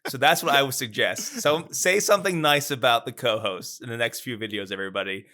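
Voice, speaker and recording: A man's voice: mid-range voice, fairly quick, sharp tone. A man who is a priest co-hosting a comedy podcast, chatting casually and laughing along. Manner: laughing along, short agreeable replies. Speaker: priest co-host.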